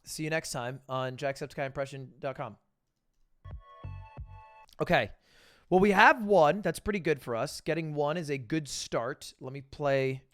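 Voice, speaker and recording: A young male streamer commentating casually as he thinks out loud, slipping into mock-grand boasts. His voice sits a little high, with quiet music underneath. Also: a little slow, long pauses, no room sound.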